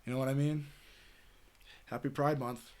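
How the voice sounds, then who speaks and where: A man's voice: mid-range voice, steady tone, normal speed, smooth. Male streamer, Southwestern US. Casual, meandering chat with plenty of filler and cursing, mid-range voice. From Southwestern United States. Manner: rambling, full of "you know" and "like", swears freely.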